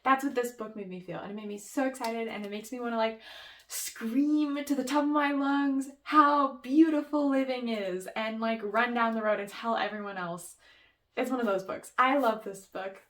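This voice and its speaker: A woman's voice: a little high, fairly quick. A young woman chatting about her favorite books in a casual vlog, gushing and peppering her talk with "like" and "um". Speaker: book vlogger. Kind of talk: casual book review chat.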